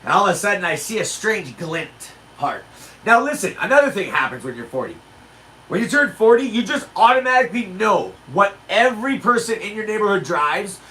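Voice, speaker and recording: A man in his forties doing stand-up, telling animated stories with shouted punchlines. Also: sits high, fairly quick, far from the mic, slight background noise, low-quality recording. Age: 40s. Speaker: stand-up comedian. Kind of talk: livestreamed stand-up rehearsal.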